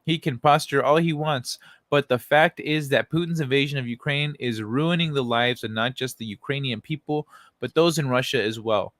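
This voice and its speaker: Man, livestream host, sarcastic, swears a lot, mid-pitched, dry close sound. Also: normal speed, a bit bright, no echo. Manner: sarcastic, profane, laughing often. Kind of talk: casual livestream commentary reading articles to chat.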